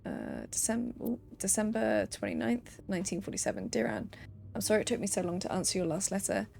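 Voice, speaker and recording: A woman's voice: mid-range voice, very animated, a little fast, gravelly, darkish tone. A young woman streaming a game, reading letters and notes aloud with playful asides.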